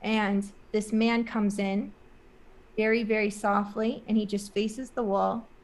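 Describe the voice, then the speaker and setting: A woman speaks as a guest in an interview, retelling a personal experience in a loose, rambling way. Her voice sits at a middle pitch, and her speech is full of "like" and "um" as she talks earnestly and emotionally. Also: little pitch movement, slow. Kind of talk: casual spoken storytelling.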